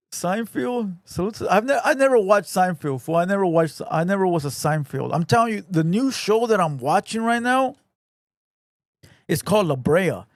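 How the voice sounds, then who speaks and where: A man with a slightly high voice, talking in a blunt, swearing, laid-back street way. His sound is close and dry, with no room behind it. He chats casually as a stream host. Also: no echo. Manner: profane, blunt, laid-back street slang, calls everyone "fool". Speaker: podcast host reading viewer comments. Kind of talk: casual livestream chat.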